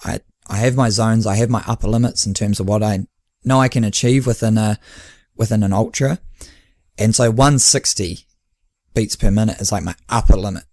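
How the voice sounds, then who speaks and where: A man's voice: lowish voice, moderate pace, a little mellow, dry recording, clean studio sound. A man, hosting a casual podcast and telling stories as a running coach, acting out quoted dialogue. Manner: chatty storyteller who acts out quoted dialogue with laughs.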